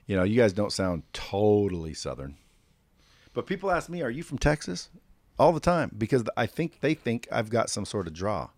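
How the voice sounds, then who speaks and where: A brash male podcast host with a very low voice, recorded close and dry in the studio. He jokes and swears freely as he banters with his guests, loose and confident. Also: big pitch swings, moderate pace, darkish tone, no room sound. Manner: brash, profane, jokey. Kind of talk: casual interview banter. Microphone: studio microphone.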